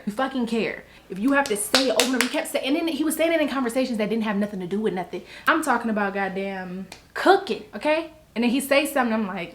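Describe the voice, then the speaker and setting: A young woman making a vlog, ranting bluntly and with exasperation, swearing freely and mocking people in put-on quotes. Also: a little high. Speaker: vlogger. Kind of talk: blunt casual vlog rant.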